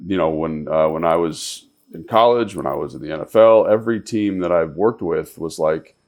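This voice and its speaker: A man with a very deep voice co-hosts a sports talk show and breaks down football as a former player and coach. He talks emphatically, like a coach instructing players, and often circles back to repeat his point. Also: moderate pace, a little mellow. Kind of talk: casual football analysis.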